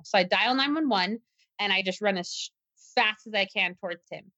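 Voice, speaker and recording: A woman's voice: medium pitch, fairly quick, pushed and bright, no echo. A woman guest telling a personal story in an interview, earnest and tense, often restarting her sentences. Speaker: guest, self-defense teacher. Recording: slightly dull, muffled recording.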